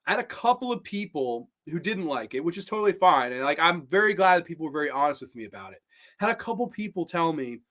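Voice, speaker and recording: A man hosting a horror review show, chatting casually on a livestream and answering viewer comments in an excitable, profane, rambling way. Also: on the high side, fast.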